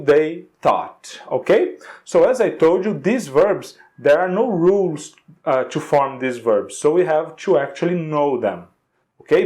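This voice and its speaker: A man with a Brazilian Portuguese accent teaching an English grammar lesson, explaining slowly and carefully, spelling out examples and checking in with "okay?". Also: a little high, a little mellow. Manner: slow and deliberate, stressing example words, frequent "okay?". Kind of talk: recorded video grammar lesson.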